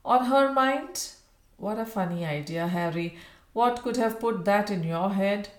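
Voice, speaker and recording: A woman's voice: mid-range voice, darkish tone, natural voice. A woman voicing a fussing Victorian wife. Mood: animated. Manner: emphatic, quick to exclaim. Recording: roomy echo.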